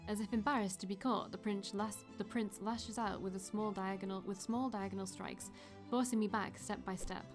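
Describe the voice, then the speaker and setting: A woman streamer reads a fantasy visual novel aloud in a steady first-person narration. Her voice sits at a middle pitch, and she drops in brief asides of her own. Faint game music plays underneath. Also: normal speed. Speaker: let's play streamer.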